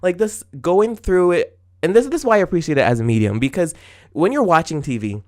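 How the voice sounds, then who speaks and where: A man in his twenties hosting a solo podcast, talking casually in an animated, exclamatory way, laughing often and acting out his own retorts. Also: on the high side, a little fast. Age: 20s. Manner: acts out his own retorts in quoted asides. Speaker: podcast host.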